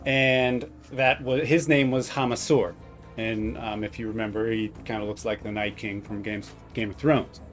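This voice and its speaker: A man narrating a tabletop role-playing game as game master, pausing often with fillers and restarts. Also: fairly low pitch, little pitch movement, faint music behind. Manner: halting, with many fillers and restarts.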